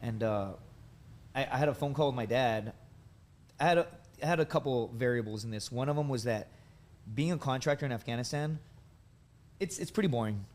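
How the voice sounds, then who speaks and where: A man in his thirties from the United States spins long, rambling stories, padding them with likes and dudes. His voice sits at a middling pitch and has an easy, conversational flow. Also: a little fast, long pauses, darkish tone. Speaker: podcast guest, veteran and comedian. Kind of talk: casual storytelling.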